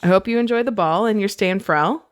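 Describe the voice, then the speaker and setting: A woman reading a novel aloud, voicing a polite young male prince in a lowered, measured voice. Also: natural voice. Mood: courteous.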